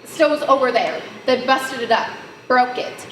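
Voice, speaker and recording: A teenage actress gives a weary, sharp-tongued young woman with a high voice, pointed and exasperated. She is heard from afar in a roomy space, with clear background noise. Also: lively intonation, moderate pace. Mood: prodding. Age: teens. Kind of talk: high school stage play. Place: school stage. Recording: roomy, distant mic, noise.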